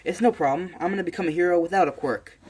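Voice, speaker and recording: A man voicing an eager young male hero fan, speaking up high and excited in a casual retelling. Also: fast, breathy edge.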